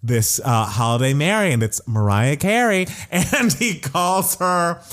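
A man's voice: a little high, expressive, a little slow, fairly bright tone. A man co-hosting a casual pop-culture chat, gossiping animatedly, laughing often and swearing casually. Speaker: podcast co-host.

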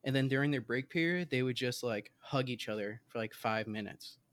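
A man's voice: medium pitch, a little fast, fairly bright tone. A man chatting casually as a podcast co-host, telling a rambling, self-deprecating story. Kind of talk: casual chat.

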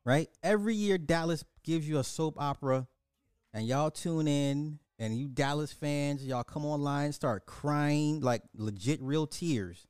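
A man, ranting in casual commentary, loose and animated, swearing and repeating himself. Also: a little high, unhurried, smooth, no echo, studio quality.

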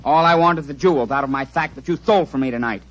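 A man's voice: fast, natural voice. An actor playing Lou the Lisper, a lisping, menacing male crook, in a 1940s radio play with dull, old sound. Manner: lisping, low threatening.

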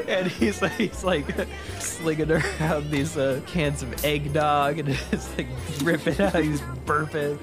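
A man improvising a comic holiday story, animated and laughing often. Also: fairly high pitch, measured pace, over music.

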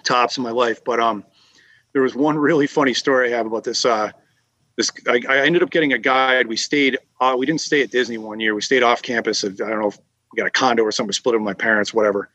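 A man's voice: medium pitch, steady tone, fast, bright, forceful tone, dry recording. A man from Massachusetts telling long fishing anecdotes in a casual chat, with lots of fillers and restarts. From Massachusetts, USA. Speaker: guest telling fishing stories. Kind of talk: casual conversational storytelling.

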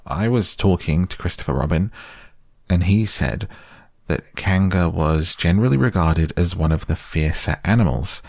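A man's voice: low voice, expressive, moderate pace, vocal fry, darkish tone, dry recording, clean studio sound, full character voice. A man voicing a very small, timid male piglet who talks nervously, in a storybook reading. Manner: nervous and fidgety.

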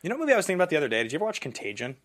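Male podcast host, rapid and rambling, casual movie chat. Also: a little high, sing-song, a bit bright. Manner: fast, rambling, self-interrupting. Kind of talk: casual film discussion.

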